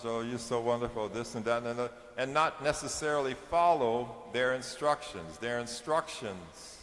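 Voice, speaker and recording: Older man, earnest exhorting sermon, mid-pitched voice, roomy hall with long reverb. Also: a bit bright. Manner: earnest, exhorting, rising in force toward the end. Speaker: senior devotee speaker. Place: large temple hall.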